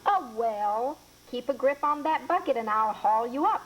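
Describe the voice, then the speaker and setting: A woman voicing a gruff, blunt old woman who scolds brusquely. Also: a little high, lively intonation, normal speed, close to an everyday voice, rough recording.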